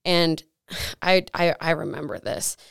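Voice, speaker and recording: A woman's voice: deep voice, lively intonation, takes it slowly, gravelly, fairly bright tone, clean tone, no room sound, clean studio sound. A young woman co-hosting a faith podcast, sharing an earnest testimony with lots of likes and restarts. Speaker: podcast co-host.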